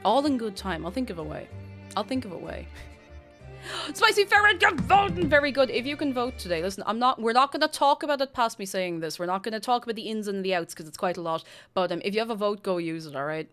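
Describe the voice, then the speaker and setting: A young woman streaming from home and chatting with her viewers. Her pitch swings widely as she rambles in an animated, self-interrupting way. Faint music plays quietly behind her close desk mic. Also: fast talker. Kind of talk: casual live-stream chat. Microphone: desk microphone.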